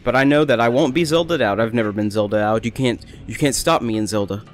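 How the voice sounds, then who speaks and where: A man's voice: medium pitch, quick pace. A young man rambling chattily through casual gameplay commentary as a let's play host. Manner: rambling, chatty, self-amused.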